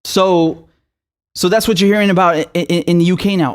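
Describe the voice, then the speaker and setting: A man's voice: high voice, steady tone, fairly quick, clear, resonant tone. Furious, profane man ranting about politics. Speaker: political commentator. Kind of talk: angry political rant.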